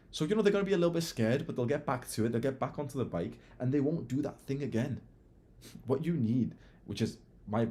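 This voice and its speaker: A young man talking casually to camera about self-improvement. His voice sits at an ordinary middle pitch, and he speaks in a blunt, animated way, swearing freely as he goes. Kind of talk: casual monologue.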